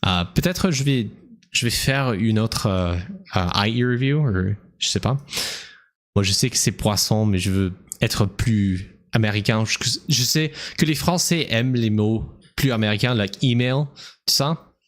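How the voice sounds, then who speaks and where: A young American man streaming a game, rambling and thinking aloud in a halting way. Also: fairly low pitch. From United States. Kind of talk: casual gameplay commentary.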